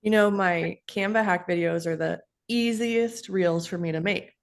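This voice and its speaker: A woman's voice: on the low side, a little slow. A woman explaining her method in a matter-of-fact, fluent way. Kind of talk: casual explanation.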